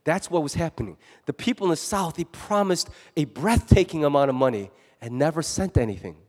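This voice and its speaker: A man delivers a sermon with a notably high voice and lively, animated energy, often slipping into quoted voices. His words ring out with a long reverb from a large hall. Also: fairly quick. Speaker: pastor.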